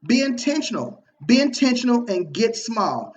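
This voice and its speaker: A man telling a personal story to his viewers in a casual, motivational way, slangy and animated, acting out the people he quotes. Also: high voice, moderate pace, lo-fi sound, slight background noise. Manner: animated, slangy, repeats himself and acts out quoted dialogue. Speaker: online marketing video host.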